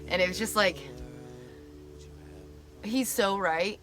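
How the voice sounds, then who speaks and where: A woman in her thirties talking in a confessional vlog, emotionally raw and near tears, halting, with nervous little laughs. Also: mid-range voice, over music. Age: 30s. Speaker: vlogger.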